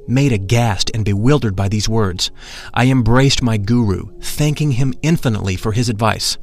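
A man reading a first-person story aloud in a measured, reverent way. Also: on the low side. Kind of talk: scripted narration. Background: faint music.

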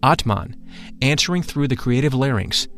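A man reading a spiritual first-person memoir aloud in a measured, solemn manner. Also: mid-range voice, animated, fairly bright tone, soft background music. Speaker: narrator.

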